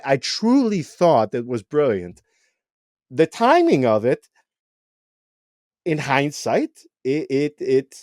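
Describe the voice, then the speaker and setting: A man co-hosting a football podcast, talking in a lively, excitable way and often repeating words as he gets going. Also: mid-range voice, dry recording, studio quality. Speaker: podcast co-host. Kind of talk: casual podcast chat.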